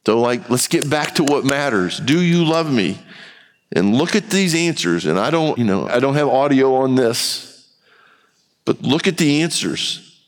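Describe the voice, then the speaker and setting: A man's voice: mid-range voice, expressive, a little slow. A man preaching a sermon in a church, talking candidly and conversationally. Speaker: pastor. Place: church sanctuary. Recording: long hall reverb.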